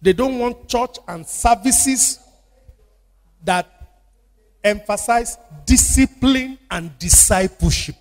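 With a very high voice, slow delivery and long pauses, a male pastor with a Nigerian accent delivers a call-and-response sermon, repeating lines and prompting the congregation to answer. It's recorded in a church hall full of lingering reverb.

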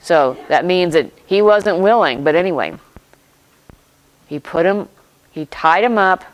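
A pastor delivers a sermon at a very unhurried pace, one short phrase at a time with pauses between. The voice sits at a middle pitch and sounds dry and close, with no room echo. The speaker explains and reflects aloud while retelling the story. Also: animated. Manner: slow, deliberate, broken into short phrases with pauses.

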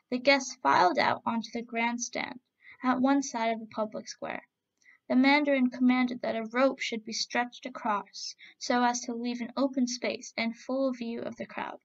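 A woman reads a folk tale aloud in a steady, expressive way. Her voice is slightly high and has a gravelly, creaky edge. The recording sounds dull and lo-fi. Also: measured pace. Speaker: storyteller. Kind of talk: storybook narration.

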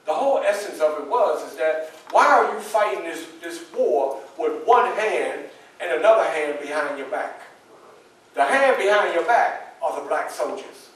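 At a measured pace and with a voice on the high side, a man acts out a dignified 19th-century abolitionist's story for a live audience in a library event room. His first-person telling is earnest and animated, aimed squarely at the listeners. The recording comes from far off in an echoey space.

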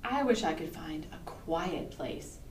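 A woman reading aloud as a small, gentle female goose who longs for quiet, in a storybook read-aloud. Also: deep voice, expressive, slow, background noise, pitched below the performer's own voice. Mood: wistful. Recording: roomy, distant mic, faint ambience.

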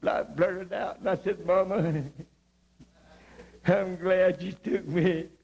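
A male evangelist from South Georgia, telling his testimony in a sermon with impassioned storytelling, his voice swinging high on emphasis. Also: fairly even intonation, slow pace, vocal fry, slightly rough, dull audio. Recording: humming 1980s video recording.

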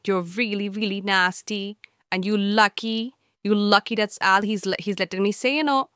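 A woman's voice: medium pitch, steady tone, moderate pace, fairly bright tone, clean tone, no room sound, clean studio sound. A woman, hosting her channel and bluntly scolding viewers as she answers their comments. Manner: blunt, scolding, talks straight to the listener.

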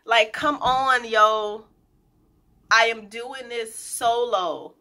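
A woman's voice: a little high, fairly even intonation, extremely slow, pushed and bright. A woman business owner in a casual vlog, talking directly and emphatically, repeating her key points and addressing viewers informally. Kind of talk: casual motivational vlog talk.

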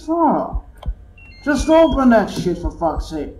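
Man, gamer, high voice, slow nervous muttering, swearing, echoey room. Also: big pitch swings, mellow, slight background noise. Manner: jumpy, swearing, muttering to himself. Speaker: gamer playing a horror game. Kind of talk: live gameplay commentary.

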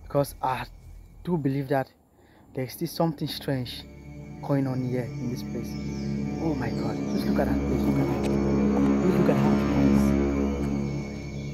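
A man's voice: medium pitch, dark tone. A man walking through a forest outdoors, filming a vlog and talking to his viewers, often calling them "guys" and repeating himself. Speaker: vlogger. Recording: clear music under the voice.

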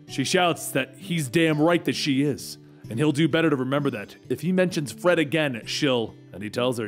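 A man's voice: mid-range voice, normal speed, faint music behind. A man narrating a comic book story in a dramatic, conversational way.

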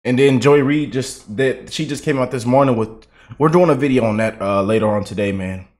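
A man's voice: medium pitch, fairly quick, darkish tone. A man giving casual political reaction commentary, chatty and loose, laughing often and repeating himself.

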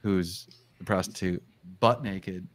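A man telling a story in a casual live show chat, swearing freely and acting out quotes in a high voice. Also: steady tone, slow pace, a little hiss or hum.

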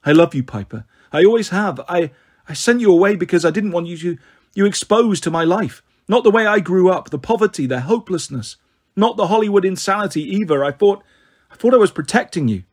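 A man reading aloud as a shaken middle-aged father who stumbles over his words, in a husky voice. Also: high voice, expressive, a little fast.

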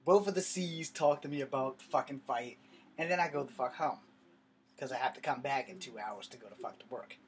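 A young man doing stand-up storytelling in an animated, profane, conversational way. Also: mid-range voice, a little fast, slight background noise. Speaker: comedian.

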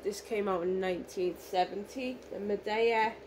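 A woman with a hoarse voice, gushing excitedly and emotionally in a casual unboxing vlog. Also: mid-range voice, normal speed, noisy background. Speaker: vlogger.

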